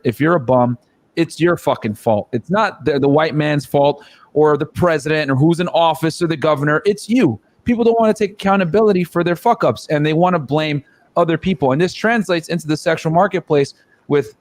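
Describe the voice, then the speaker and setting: Blunt, profane man on a panel. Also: a little high. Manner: profane, emphatic, many fillers like "man" and "yo". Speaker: panel guest. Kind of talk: blunt opinion rant.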